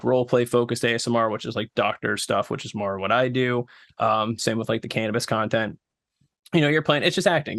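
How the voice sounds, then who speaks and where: A man guesting on a podcast, talking in a relaxed, explanatory way with plenty of fillers. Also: mid-range voice, creaky, dry recording, clean studio sound. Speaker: podcast guest, ASMR creator. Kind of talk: casual podcast chat.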